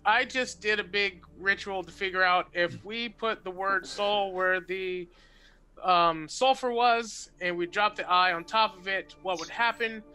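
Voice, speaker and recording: A man's voice: high voice, measured pace, bright, forceful tone, clear, resonant tone. A man playing in a tabletop game, recapping the last session in a loose, rambling way. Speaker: player. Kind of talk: casual tabletop game talk.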